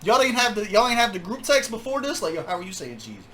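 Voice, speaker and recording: A man hosting a music reaction video, talking casually with jokes, laughter and quick asides. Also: high voice, slight background noise. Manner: animated, laughing, joking asides.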